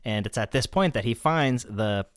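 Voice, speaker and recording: A man's voice: medium pitch, expressive, moderate pace, smooth, dry recording, studio quality. A male podcast host recapping an episode in casual chat, swearing, laughing often and acting out the characters' lines.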